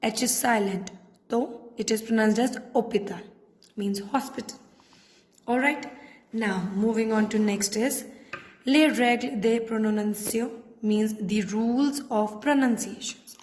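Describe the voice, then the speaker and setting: A woman's voice: a little high, darkish tone, a little hiss or hum. Indian-accented woman teaching in an echoey room. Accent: Indian English. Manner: patient, repeats points slowly. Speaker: French teacher. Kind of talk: classroom lesson. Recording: echoey room with long reverb.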